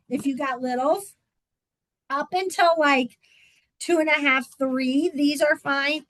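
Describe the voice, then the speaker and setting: A woman's voice: a little high, no room sound, poor audio. A woman swim instructor giving a casual, chatty talk, with frequent "um" fillers.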